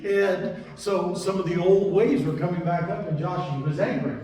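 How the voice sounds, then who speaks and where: A man's voice: high voice, moderate pace, warm tone. An older man preaching a sermon as a pastor, telling folksy stories from his own life. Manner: folksy storytelling with personal anecdotes. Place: church sanctuary. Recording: echoey hall, mic far off.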